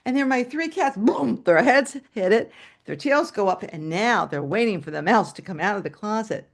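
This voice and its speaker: A woman's voice: mid-range voice, normal speed. A woman telling a story to an audience over a video call, acting out the scenes as she goes. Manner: animated, acts out scenes with shouted quotes.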